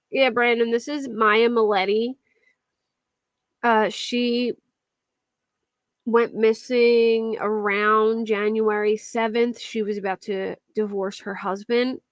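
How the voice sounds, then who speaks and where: Seated at her computer with a desk mic, a young woman hosts a casual true-crime live stream, chatting and answering viewers. Her voice is on the high side, and the recording is dry.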